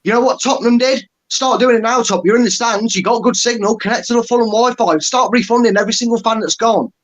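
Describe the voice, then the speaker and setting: A man's voice: extremely high pitch, fast talker, lo-fi sound. A man giving a blunt, exasperated, sweary rant about his team's performance. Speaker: football fan pundit. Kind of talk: angry fan rant.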